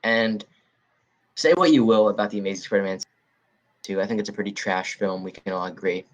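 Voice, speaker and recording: Male podcast co-host, fairly low voice, heated casual rant, blunt. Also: fairly quick, low-quality recording. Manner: heated, blunt, repeats himself while ranting. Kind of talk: casual ranting podcast chat.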